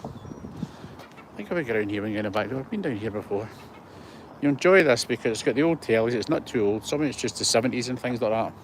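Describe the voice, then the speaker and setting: A man's voice: mid-range voice, expressive, fast, noisy background. Chatty Scottish man in his sixties. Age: 60s. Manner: chatty, rambling, self-deprecating. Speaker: vlogger. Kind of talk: casual walking tour vlog. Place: outdoor heritage museum grounds. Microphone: handheld phone on gimbal.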